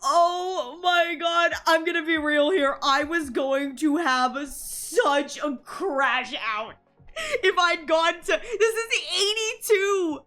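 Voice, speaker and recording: A woman live-streaming, chatting casually and rambling excitedly over her game pulls, while sick. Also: high-pitched, slow, soft background music.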